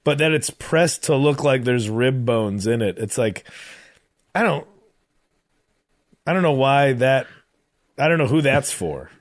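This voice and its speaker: A man co-hosting a comedy podcast, talking in a loose, swearing, animated way and acting out quoted voices. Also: medium pitch, measured pace, pauses often, no echo, studio quality. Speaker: podcast co-host. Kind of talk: casual comedic chat.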